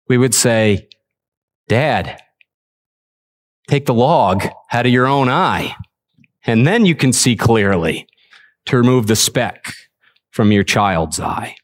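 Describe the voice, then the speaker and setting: A man preaching to his congregation with an average-pitched voice. He talks earnestly, stumbles and repeats words, and turns lively when he drives a point home. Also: measured pace. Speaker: pastor. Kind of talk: sermon. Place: church service.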